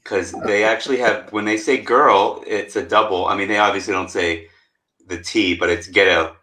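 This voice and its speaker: Deep-voiced American man, roomy call. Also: fairly even intonation, moderate pace, bright, forceful tone. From United States. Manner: teasing, rambling, self-interrupting. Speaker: livestream co-host. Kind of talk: casual joking chat.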